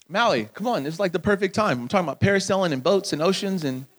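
A man's voice: high-pitched, fast talker. A man speaking at a camp, telling a joking story in a sermon and bantering with the audience, calling people up to help. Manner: animated, joking, calls people up on stage. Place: camp gathering, live audience. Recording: clear music playing behind the voice.

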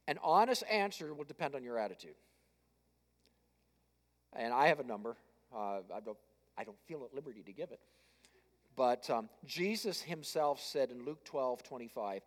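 A man's voice: medium pitch, expressive, a little slow, long pauses. A man preaching a sermon in a church, conversational and self-deprecating, putting questions straight to the congregation. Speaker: pastor. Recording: reverberant church hall.

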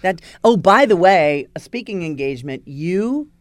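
A woman guest on a podcast, a former news anchor, chatting casually in a quick-witted, teasing way. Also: lowish voice, expressive, dry recording. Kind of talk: casual conversation.

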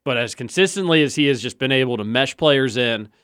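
Man, sports talk host, opinionated, animated, dry recording. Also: mid-range voice, clean tone, dry recording. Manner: animated, opinionated, quick rebuttals.

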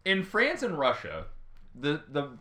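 A man's voice: fairly high pitch, wildly swooping pitch, a little slow, pushed and bright. A man co-hosting a comedy podcast, chatting casually with lots of ums and laughs. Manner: rambling, laughing, many fillers. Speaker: podcast co-host.

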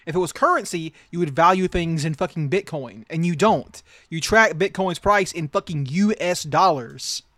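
A man's voice: fairly high pitch, moderate pace, hardly any pauses, a bit bright, no echo. A man co-hosting a casual podcast chat, ranting bluntly and swearing freely. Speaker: podcast co-host.

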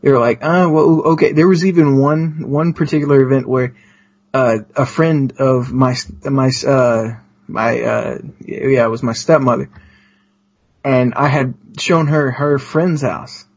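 Husky man telling an excited story. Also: medium pitch, measured pace. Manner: excited storytelling with many restarts. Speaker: guest. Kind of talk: casual podcast chat. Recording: dull lo-fi sound.

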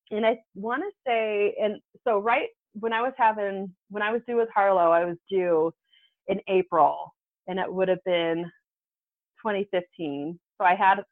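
A woman in her thirties with a medium-pitched voice guests on a podcast, casually telling a personal story. She's animated and acts out the voices of the people she quotes. The line sounds tinny and phone-like, with a dry recording and no room sound.

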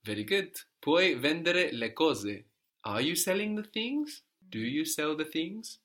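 A man's voice: a little high, big pitch swings, unhurried, fairly bright tone. Patient man teaching a language lesson. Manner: patient, encouraging, explains step by step.

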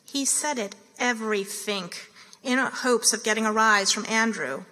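A woman reading the narration of a play at a steady, measured pace. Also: on the high side. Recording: reverberant hall.

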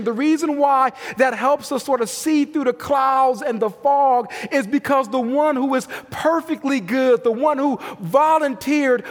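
A man in his thirties, a pastor preaching a sermon with emphatic swings from loud to hushed. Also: very high voice. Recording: long hall reverb.

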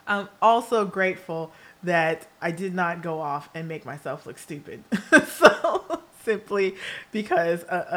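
A woman hosting her own podcast in a casual solo monologue. She is candid and profane, laughs often, and tells stories with lots of asides. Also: on the low side. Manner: animated storyteller with asides. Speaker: podcast host.

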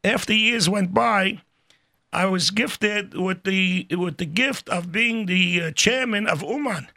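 An older man telling stories in a casual, animated way, acting out the voices of people in them. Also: sits high, slow, creaky. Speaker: storyteller guest. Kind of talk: casual spoken storytelling.

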